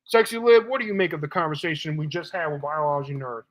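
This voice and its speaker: A man's voice: a little high, animated, fast talker, rough recording. A man hosting a live stream debate, talking bluntly and assertively to callers, casually calling them baby.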